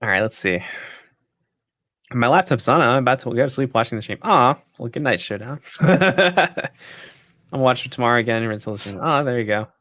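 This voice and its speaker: A man's voice: mid-range voice, lively intonation, moderate pace, pauses often, fairly bright tone, dry recording, studio quality. A man hosting a casual livestream and answering viewer questions in an easygoing way. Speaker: PC company livestream host.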